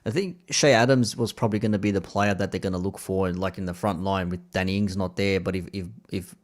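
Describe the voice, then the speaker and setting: An Australian man, a guest on a football podcast, thinking aloud in a halting way with frequent restarts. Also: low-pitched, steady tone. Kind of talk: casual football podcast chat.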